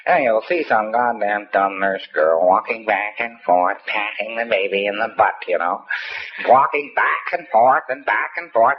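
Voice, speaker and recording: Low-voiced man giving a rambling lecture. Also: unhurried, husky. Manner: folksy, wry, profane asides. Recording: dull lo-fi tape with faint hiss.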